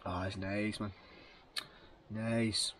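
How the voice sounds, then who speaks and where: A Scottish man vlogs casually to camera from a forest, upbeat and chatty as he thinks aloud. He speaks very slowly in a low voice with little pitch movement and a fairly bright tone, over slight background noise.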